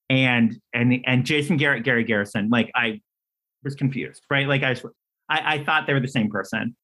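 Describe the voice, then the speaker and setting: A man, a playwright and screenwriter, telling stories casually as an interview guest, talking freely with many restarts. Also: low-quality recording. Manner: animated storyteller, acts out quoted dialogue with big pitch jumps; talkative, many fillers and restarts.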